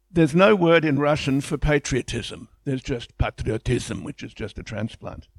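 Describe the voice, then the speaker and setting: A man delivers an illustrated public lecture with warm enthusiasm and a conversational flow, often restarting his phrases. His voice sits at an ordinary middle pitch, and the recording is dry and close, with no room sound. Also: gravelly, no room sound.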